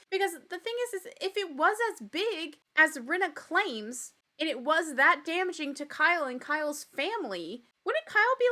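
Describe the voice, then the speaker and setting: A young woman hosts a chatty recap podcast in a high, bright voice. She speaks with blunt opinions and plenty of swearing. She slips into quick impressions of the people she quotes. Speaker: podcast host.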